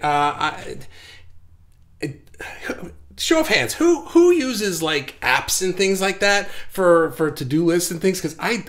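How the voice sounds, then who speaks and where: Man, livestream host, fast and eager chatter, slightly higher voice, a bit breathless, rambling with fillers. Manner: fast, excited, rambling talk with many fillers and restarts. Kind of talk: casual livestream chat.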